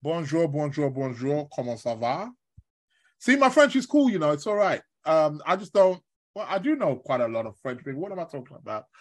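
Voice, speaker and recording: A man's voice: a little high, very animated, fast talker. Rambling male astrology host, chatty. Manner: rambling, chatty, full of fillers and shout-outs. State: ill with covid, in bed. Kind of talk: casual live-stream talk. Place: in his bed at home.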